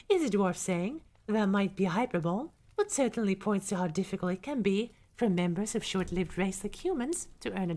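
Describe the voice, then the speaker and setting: Young woman reading aloud for ASMR. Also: mid-range voice. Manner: soft reading that breaks into chatty asides to chat. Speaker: livestreamer.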